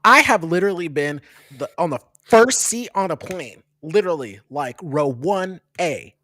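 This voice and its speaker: A talk show host in a casual chat, laughing, asking quick questions and ranting lightly. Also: medium pitch, lively intonation, pushed and bright, no room sound, studio quality.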